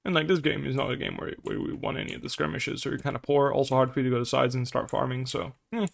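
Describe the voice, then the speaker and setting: A man with a rough, gravelly voice coaching a player through a game review at a quick clip. He is blunt, curses often and acts out little scenes to make his point. His tone stays casual and direct. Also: medium pitch, steady tone.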